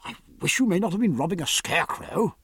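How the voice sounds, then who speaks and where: A man's voice: high-pitched, lively intonation, fast talker, fairly bright tone, slightly rough, no echo, clean studio sound, pitched above the performer's own voice, full character voice. A man voicing a crude, blustering elderly general who talks in a brusque, scoffing way.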